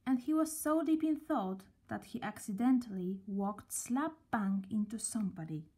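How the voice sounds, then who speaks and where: A woman reading a children's story aloud, gently and at a slow, storybook pace. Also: medium pitch, husky.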